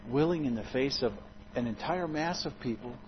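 Guy preaching, big swings loud to quiet, kinda muffled recording. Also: normal speed, a little hiss or hum. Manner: expressive, dramatic swings in loudness and pitch. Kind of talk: sermon.

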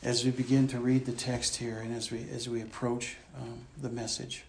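A man's voice: medium pitch, monotone, normal speed, a little mellow, a little hiss or hum. Man preaching a verse-by-verse sermon. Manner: conversational, explains and repeats points. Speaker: pastor. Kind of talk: expository sermon.

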